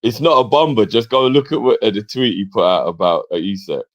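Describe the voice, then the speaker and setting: A man's voice: lowish voice, quick pace, no room sound, highs cut off. A man co-hosting a casual football live stream, telling stories with slang. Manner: relaxed storytelling banter with slang.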